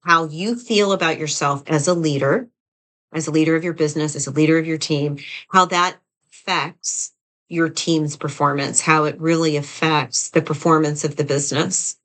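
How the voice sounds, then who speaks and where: A woman with a low-pitched voice gives a coaching talk straight to camera. She speaks in an easy, conversational way, often repeating a phrase and checking in with "right?". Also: fairly even intonation, normal speed, fairly bright tone. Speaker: leadership coach. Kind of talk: direct-to-camera teaching talk.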